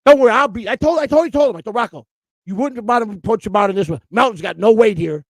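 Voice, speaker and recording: A man's voice: high-pitched, expressive, fast, dry recording. A man co-hosting a streamed morning show, ranting in a profane, repetitive and emotional way. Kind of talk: heated livestream rant.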